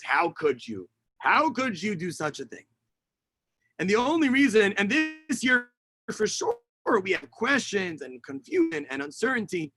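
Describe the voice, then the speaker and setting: A man's voice: high voice, vocal fry, pushed and bright, no room sound. A rabbi teaching an online lesson over a video call, explaining and translating Hebrew lines as he reads them, with many fillers. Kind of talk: online lesson on Tisha B'Av kinot. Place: home setup on a video call. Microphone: video call mic.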